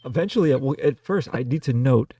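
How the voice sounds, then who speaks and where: A man co-hosting a casual film review podcast, recapping plot in a deliberate way and pointing out what bugs him. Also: mid-range voice, expressive, dark tone, a little hiss or hum. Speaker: podcast co-host.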